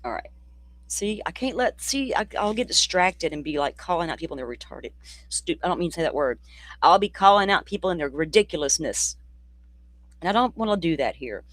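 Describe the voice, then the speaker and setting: A true crime host from the Deep South, talking in a loose, rambling livestream chat that is blunt, profane and sardonic. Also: very animated, fairly quick, a bit bright, dry recording. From Florida, near the Alabama state line. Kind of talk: casual livestream commentary.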